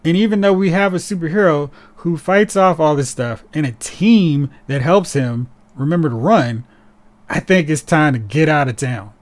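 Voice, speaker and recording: A man co-hosting a casual podcast, talking in an animated, sarcastic way and slipping into mocking voices. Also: fairly high pitch, normal speed. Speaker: podcast co-host. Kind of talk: casual chat.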